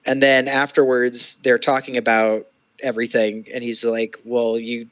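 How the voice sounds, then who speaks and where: A man's voice: mid-range voice, level tone, normal speed, fairly bright tone, low-quality recording. A man co-hosting a casual watch-along, chatty and joking, often laughing. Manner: chatty, jokey, laughs a lot. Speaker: co-host. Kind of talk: casual chat while watching a show.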